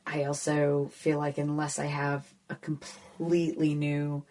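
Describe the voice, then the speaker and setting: A woman's voice: low voice, completely flat delivery, a little slow, darkish tone. A woman in her thirties with an American accent, a guest comedian chatting casually on a podcast, self-deprecating and full of fillers. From United States.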